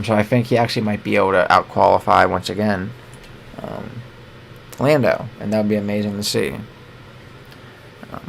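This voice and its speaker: A man's voice: lowish voice, vocal fry, a little hiss or hum. A young American man co-hosting a sports show, rambling opinionated commentary full of fillers and self-corrections.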